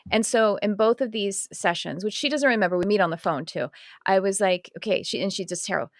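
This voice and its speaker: A woman chatting on a podcast, telling a story in a rambling, animated way and correcting herself mid-sentence. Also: medium pitch, brisk, dry recording, clean studio sound. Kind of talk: casual podcast chat.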